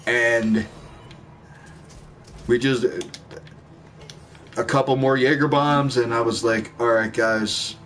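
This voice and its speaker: A man's voice: medium pitch, steady tone, slow, long pauses, fairly bright tone. A man casually telling a rambling story while gaming, laid-back and swearing freely. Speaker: gaming streamer.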